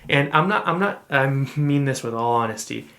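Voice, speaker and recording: Relaxed rambling male podcast host. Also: medium pitch, moderate pace, vocal fry. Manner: rambling, relaxed, frequent restarts and fillers. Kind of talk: casual storytelling chat.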